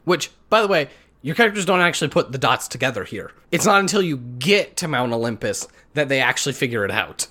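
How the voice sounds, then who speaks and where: A man's voice: mid-range voice, very animated, fast, bright, forceful tone. A man co-hosting a casual gaming podcast, recapping a game's plot with profane, sarcastic jokes. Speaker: podcast co-host.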